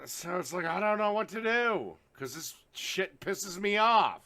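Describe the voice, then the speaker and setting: A man with a soft Southern US accent, ranting angrily and crudely in video commentary. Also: sits high, animated, unhurried. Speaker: online commentator in played clips.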